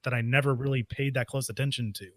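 A man's voice: mid-range voice, fairly even intonation, quick pace, dry recording. A man in casual podcast chat, thinking aloud about a film with many restarts. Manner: thoughtful, hesitant, with many restarts and "like". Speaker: podcast co-host. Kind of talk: casual movie commentary chat.

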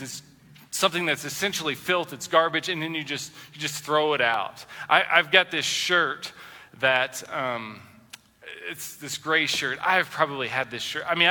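A male pastor preaching a sermon in a conversational style, acting out everyday quotes with lively shifts in his voice. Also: on the high side, long reverb tail.

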